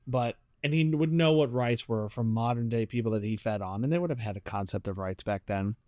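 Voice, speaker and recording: Animated man reviewing a series. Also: medium pitch, fairly quick, no echo, clean studio sound. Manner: animated, acts out characters' lines. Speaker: podcast co-host. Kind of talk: casual chat reviewing a series.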